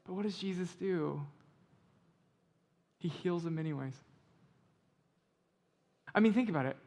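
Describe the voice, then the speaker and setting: A man in the pulpit with a fairly high voice, talking through his sermon in a loose, conversational way. He reads scripture slowly and softly, then pushes louder and more emphatic as he drives a point home. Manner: conversational preaching, building to loud emphatic stretches. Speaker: pastor.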